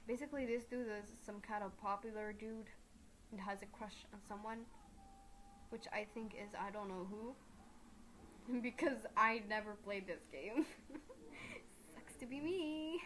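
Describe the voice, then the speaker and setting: A woman's voice: medium pitch, unhurried, long pauses, a bit bright, slight background noise. A young woman streaming a game live, rambling and chatty, self-mocking, with lots of fillers.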